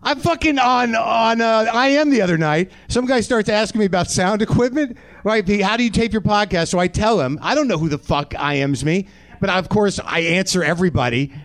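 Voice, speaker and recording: A man in his forties with a high, expressive voice hosts a comedy podcast live on a theatre stage, briskly trading profane, sardonic banter with the audience in stand-up style.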